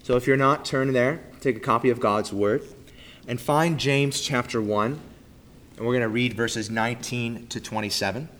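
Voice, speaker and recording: Man, pastor, church sermon, mid-range voice, emphatic then soft and low. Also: moderate pace, slight background noise. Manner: emphatic, swings from loud stresses to soft, low trailing endings. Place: church sanctuary.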